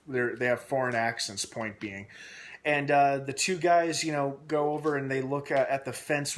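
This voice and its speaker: A man's voice: mid-range voice, fairly bright tone, a little hiss or hum. Rambling male TV recap host. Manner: rambling, with many "uh" fillers and restarts; asks himself questions aloud while speculating. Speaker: TV episode reviewer and channel host. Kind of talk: casual recap vlog.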